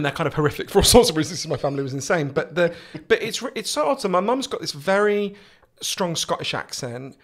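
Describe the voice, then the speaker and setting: A man with a posh English accent, a guest author telling animated, profane stories in casual podcast chat. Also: a little high. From England. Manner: animated, swearing storyteller.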